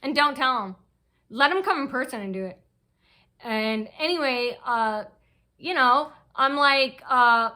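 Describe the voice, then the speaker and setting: Woman vlogger ranting, kinda high bright sharp voice, keeps restarting her sentences. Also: lively intonation, measured pace. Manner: agitated, aggrieved, restless storytelling with many restarts. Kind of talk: rambling personal monologue.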